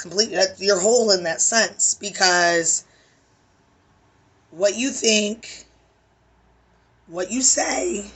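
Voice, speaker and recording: Woman tarot reader, emphatic and preachy, tired voice, bright and breathy. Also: mid-range voice. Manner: preachy, emphatic, swears casually. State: weary voice. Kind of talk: spiritual tarot reading.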